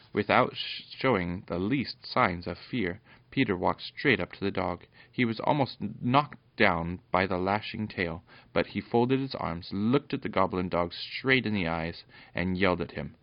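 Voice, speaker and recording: A man's voice: sits low, unhurried, creaky, no room sound, highs cut off. A man reading a children's storybook aloud, stumbling and correcting himself now and then. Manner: unpolished, with frequent stumbles and self-corrections.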